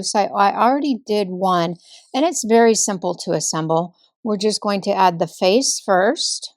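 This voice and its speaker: Slow, calm woman teaching card-making. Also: mid-range voice, no echo, studio quality. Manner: calm, chatty, instructional. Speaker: card-making tutorial host. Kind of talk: step-by-step craft demonstration.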